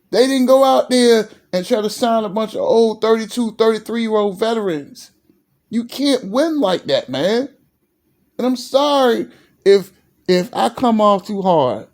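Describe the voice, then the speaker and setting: A man from Virginia ranting in a sports vlog, fired up and repeating himself, sometimes dropping low and emotional. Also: darkish tone. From Virginia, USA. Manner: fired-up and repetitive, stumbles over restarts; drops low and emotional at times. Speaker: sports commentary vlogger.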